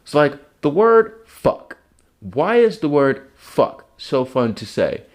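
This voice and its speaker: A young man hosts his own show alone, talking loosely and cursing freely as he drifts from one thought to the next. His pitch leaps and dips all over the place as he jokes along. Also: takes it slowly. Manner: profane, rambling and animated. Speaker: podcast host. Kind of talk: casual comedic monologue.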